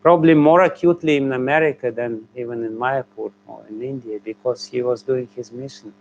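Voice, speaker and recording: A man's voice: medium pitch, steady tone, a little fast, dull audio, slight background noise. A man, a spiritual teacher, answering a question with a hesitant, chuckling manner and many fillers.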